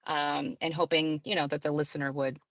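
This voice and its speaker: A woman's voice: deep voice, flat delivery, a little fast, a bit bright, no room sound. A woman who narrates audiobooks and works as a librarian, answering interview questions in a chatty way, often laughing and using fillers.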